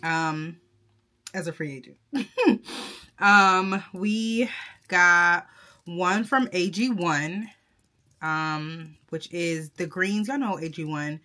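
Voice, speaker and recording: A woman's voice: fairly low pitch, very slow, pauses often, pushed and bright. A woman talking to her viewers in a casual vlog, chatty and effusive, full of fillers and restarts. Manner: effusive and emotional, talks straight to viewers. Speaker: vlogger and content creator. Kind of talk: casual vlog talk to camera.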